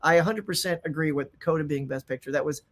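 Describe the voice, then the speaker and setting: A man hosting a casual live-stream chat about movies and TV. He rambles excitedly, laughs often and reacts to viewer comments. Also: a little high, fast talker. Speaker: host.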